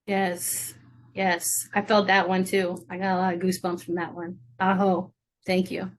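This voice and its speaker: A woman shamanic healer gently guiding a virtual group ritual over a video call, encouraging each person and answering with aho. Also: on the low side, level tone, normal speed. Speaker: shamanic healer leading a ceremony.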